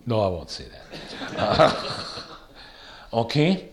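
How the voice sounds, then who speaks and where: Lively-voiced man teaching a Bible study. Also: fairly low pitch. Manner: thinking aloud with fillers and rhetorical questions; slows down to stress quoted verses.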